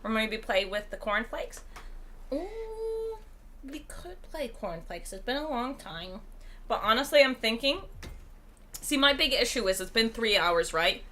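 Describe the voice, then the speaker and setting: Woman streamer, bright tone, strained tired voice, chatty and rambling. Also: a little high, lively intonation, moderate pace, a little hiss or hum. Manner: chatty, rambling, reads chat aloud. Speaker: game streamer. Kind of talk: casual live-stream chat.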